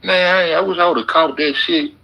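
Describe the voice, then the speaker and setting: A man's voice: a little high, brisk, gravelly, pushed and bright, poor audio. A middle-aged man giving rambling, joking, heavily profane reaction commentary on videos. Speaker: YouTube commentator.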